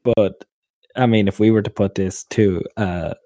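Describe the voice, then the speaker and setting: A man co-hosting a podcast, chatting casually in an animated, exclamatory way. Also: lowish voice, a little slow, no echo. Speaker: podcast co-host.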